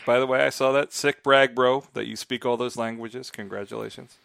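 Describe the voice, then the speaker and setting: A man's voice: medium pitch, fairly even intonation, a little fast, creaky, fairly bright tone, clear, resonant tone, dry recording, studio quality. A man co-hosting a casual podcast chat, teasing and jokey in tone. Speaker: podcast co-host.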